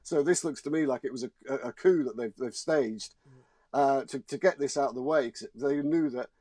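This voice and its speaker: A man's voice: mid-range voice, moderate pace, darkish tone, no echo. A man, a showbiz journalist guest, arguing his point emphatically and indignantly in a studio discussion. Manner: emphatic, indignant, repeats words.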